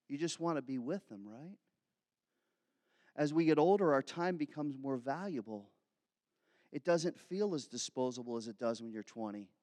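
A man's voice: medium pitch, moderate pace, no echo, studio quality, in a large hall. A man in his fifties preaching a sermon in a chatty way, slipping into acted asides. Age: 50s. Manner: conversational preaching, growing animated with acted asides. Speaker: pastor.

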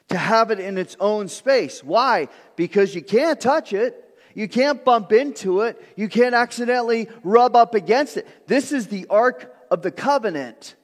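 A man preaching a sermon as pastor, earnest and animated, often repeating a word as he starts a thought. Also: high-pitched. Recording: long reverb of a large room.

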